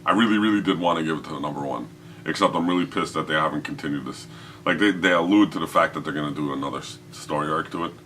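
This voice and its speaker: A very deep male voice with a bright, forceful edge, rambling and swearing his way through a casual podcast chat. He laughs a lot and trails off mid-thought. A faint hiss of noise sits under the recording. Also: fast. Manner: profane, rambling, laughs often. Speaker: podcast host.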